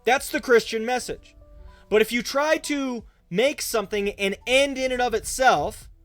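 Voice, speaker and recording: A man's voice: extremely high pitch, unhurried, a bit bright, no echo, faint music behind. A young man, a pastor, talking casually on a livestream and answering viewers' chat questions as he goes. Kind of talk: livestream Q&A talk.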